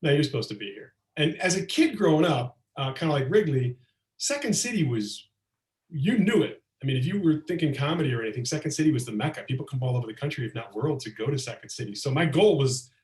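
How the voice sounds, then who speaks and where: A middle-aged man telling lively anecdotes as a comedian guest, slipping into acted-out quotes, on a video call. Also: fairly high pitch, quick pace. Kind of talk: casual storytelling chat. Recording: roomy echo, far from mic.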